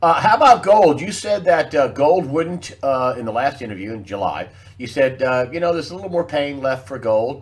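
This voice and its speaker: Man, interview host, stumbling questions, frequent restarts, mid pitch.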